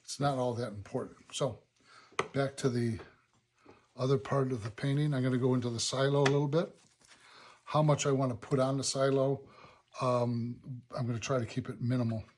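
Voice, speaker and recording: A man teaching watercolor, talking calmly through each brushstroke of a painting demonstration and thinking aloud as he works. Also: mid-range voice, normal speed, a little hiss or hum. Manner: relaxed, thinking aloud step by step. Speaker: watercolor instructor. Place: painting studio.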